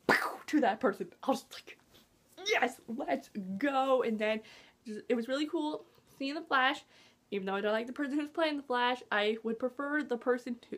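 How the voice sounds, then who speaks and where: Chatty, slightly high-voiced woman vlogger. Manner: excitable, gasping, drops into whispers; chatty with many "like" fillers. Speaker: movie vlogger. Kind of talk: casual movie review chat.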